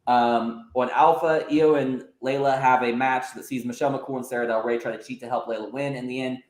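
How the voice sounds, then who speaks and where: A man's voice: medium pitch, steady tone, a little fast. A man hosting a podcast, casually narrating fantasy wrestling storylines with frequent filler sounds. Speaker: podcast host. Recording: roomy echo.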